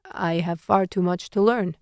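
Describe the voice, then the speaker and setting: A woman voicing a blunt, aloof man who is a horse in human form, speaking tersely and quietly in an audiobook. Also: lowish voice, normal speed, no room sound, clean studio sound, close to an everyday voice.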